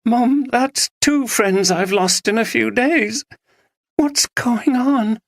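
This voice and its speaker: A narrator voicing a shaken but determined young woman, earnest and steady. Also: mid-range voice, slow pace, no echo, pitched above the performer's own voice. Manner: earnest, resolute.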